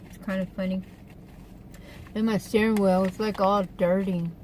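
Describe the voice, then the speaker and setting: A woman talks in a loose, rambling way, full of fillers, as she chats to viewers from inside her car. Her pitch sits mid-range. Behind her is a faint hum of car and street noise. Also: little pitch movement, normal speed, darkish tone, poor audio. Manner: chatty, rambling, with fillers and asides. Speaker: vlogger. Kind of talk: casual eating-show chat.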